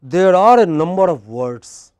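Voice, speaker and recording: A man's voice: high voice, animated, measured pace, darkish tone, clear, resonant tone, no echo. A man lecturing a class as a teacher, drilling pronunciation and checking in with questions.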